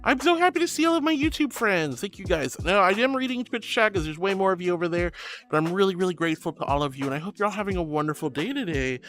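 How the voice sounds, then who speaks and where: Bubbly high-voiced male streamer. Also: lively intonation, fast, a bit bright. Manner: affectionate, bubbly, calls viewers sweetie and honey. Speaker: VTuber streamer. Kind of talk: live stream chat reading.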